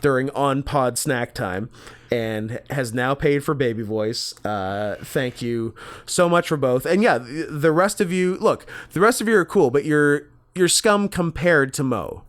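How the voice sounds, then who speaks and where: A man's voice: medium pitch, a little slow, fairly bright tone. Rambling, laughing podcast host man. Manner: rambling, joking, laughs often. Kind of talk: casual podcast chat.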